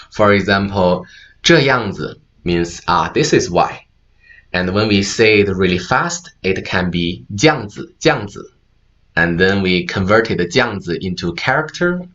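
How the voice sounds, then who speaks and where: Slow, low-voiced man giving a conference talk. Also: fairly bright tone, highs cut off. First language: Mandarin Chinese. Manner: explains slowly with many fillers, mixing in Mandarin words. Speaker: conference speaker. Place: conference room.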